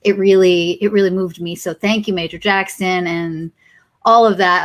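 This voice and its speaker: A woman's voice: mid-range voice, fairly even intonation, moderate pace. A woman hosting an online poetry event, gushing and emotional, talking with many fillers over a video call. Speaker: event host. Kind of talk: casual hosting.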